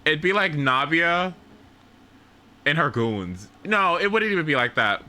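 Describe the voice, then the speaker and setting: A man hosting a casual livestream chat, giggly and animated, breaking into high squealing laughter and exaggerated reactions. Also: unhurried. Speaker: livestream host.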